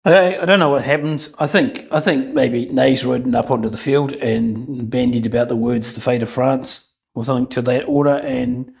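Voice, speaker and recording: A man's voice: mid-range voice, sing-song, normal speed, gravelly, hardly any pauses, breathy edge, low-quality recording. A man narrating a solo tabletop wargame battle report in a chatty way, with joking asides and frequent ums. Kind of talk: casual game commentary.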